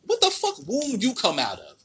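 Exasperated, profane American podcast host. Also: male voice, very high-pitched, huge pitch swings, normal speed, vocal fry, a bit bright, slight background noise. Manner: exasperated, profane, rants with many restarts. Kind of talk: casual ranting commentary.

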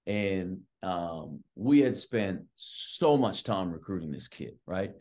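A middle-aged man with a fairly low voice tells coaching stories at length. He talks casually and leans hard on fillers like "like" and "right." He is a guest on a podcast. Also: slow. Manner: animated and long-winded, heavy on fillers like "like" and "right". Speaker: guest, college basketball coach. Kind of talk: casual storytelling.

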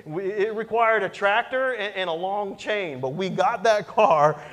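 A man preaching as a pastor, telling a self-mocking story in an animated way. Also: high-pitched, unhurried, long reverb tail. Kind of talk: sermon storytelling.

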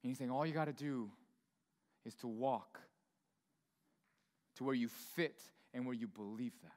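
A man preaching a sermon in a church, in a chatty, informal way full of asides and quick questions to the congregation. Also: mid-range voice, darkish tone. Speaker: pastor. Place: church sanctuary. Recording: long hall reverb in a church.

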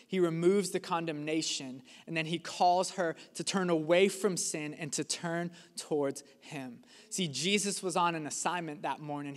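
Man, pastor, sermon, earnest emphatic delivery, dramatic pauses, high voice, reverberant sanctuary.

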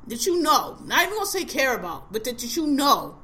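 A woman's voice: sits high, sing-song, brisk, bright, forceful tone. A woman in her forties hosting a podcast, ranting bluntly and with heavy profanity in casual chat. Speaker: podcast host.

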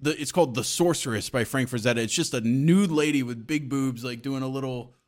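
A young man co-hosting a podcast, chatting in an animated, profane way and laughing often. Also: medium pitch, a little fast. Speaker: podcast co-host. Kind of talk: casual chat.

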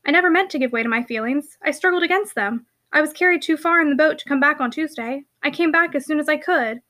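Woman narrator as a remorseful young woman, earnest, pleading, high bright voice. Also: fast.

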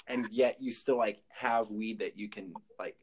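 A young man hosting a casual podcast, chatting in a relaxed, easygoing manner. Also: fairly low pitch, unhurried, background noise. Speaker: podcast host. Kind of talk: casual chat.

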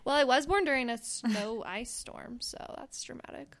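A woman's voice: fairly high pitch, moderate pace, a bit bright. A young woman co-hosting a podcast, chatting casually and playfully, often laughing and dropping to a whisper. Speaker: podcast co-host. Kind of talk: casual chat.

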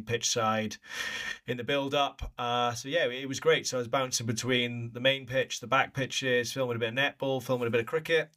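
Guy in his early 30s chatting on a podcast, easygoing storyteller, mid-pitched voice. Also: pushed and bright. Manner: chatty storyteller, laughing often. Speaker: podcast co-host, former player. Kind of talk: casual chat.

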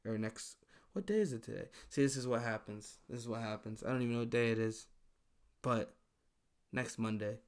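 Man, podcast host, gravelly fry, mid-pitched, swearing, ranting casually. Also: brisk. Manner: profane, ranting and exasperated. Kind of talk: casual solo podcast monologue.

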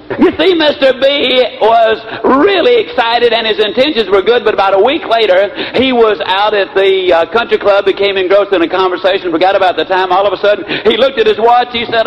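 A man giving an animated, folksy motivational speech, telling a story. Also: high voice, a little fast, lo-fi sound. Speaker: motivational speaker.

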